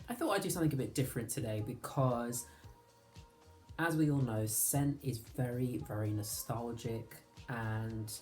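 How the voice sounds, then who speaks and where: A man hosting his own fragrance channel, chatting casually and nostalgically, with soft laughs. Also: medium pitch. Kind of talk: casual reminiscing vlog.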